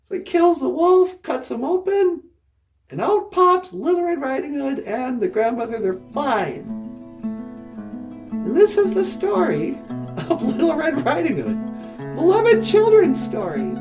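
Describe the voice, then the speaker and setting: A woman's voice: high voice, sing-song, a little slow, pauses often, music in the background. A woman hosting a show, telling a children's story in a rambling way with sarcastic asides. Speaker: host. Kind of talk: comic storytelling.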